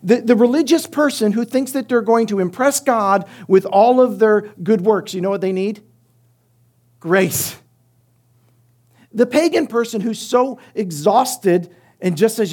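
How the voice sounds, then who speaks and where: A middle-aged male pastor preaching a sermon, emphatic, using rhetorical questions and swinging between loud and soft delivery. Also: high-pitched, unhurried.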